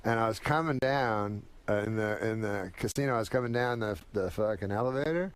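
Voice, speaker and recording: A man's voice: on the low side, a little fast, smooth. Man telling rambling, swearing stories. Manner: rambling, heavy swearing, dry. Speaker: comedian guest. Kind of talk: casual storytelling.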